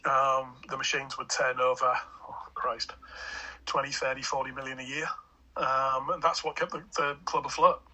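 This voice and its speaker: A man's voice: mid-range voice, little pitch movement, moderate pace, sharp tone, breathy edge, poor audio. A man in his forties from Hull with an English Hull accent, a podcast guest chatting casually and rambling with lots of fillers and restarts. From England (Hull). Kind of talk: casual chat.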